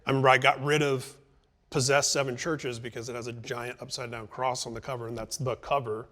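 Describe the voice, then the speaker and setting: A man's voice: medium pitch, flat delivery, a little fast, sharp tone. A middle-aged man hosting a conversational interview, speaking in long, reflective turns. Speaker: interview host.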